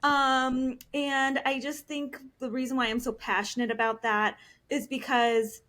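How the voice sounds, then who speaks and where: A woman's voice: high voice, flat delivery, measured pace, fairly bright tone. A woman in her thirties, a counselor, explaining things earnestly as a podcast guest, with frequent ums. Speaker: licensed professional counselor.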